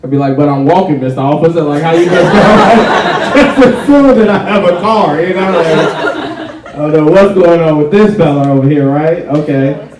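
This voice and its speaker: At a college show, a young Chicago comedian does a stand-up set in a slightly high voice that sounds a bit far from the mic, filling the echoing auditorium. His delivery is loose and chatty, heavy on "like" and "right?", with lively intonation at a normal pace. A live audience can be faintly heard.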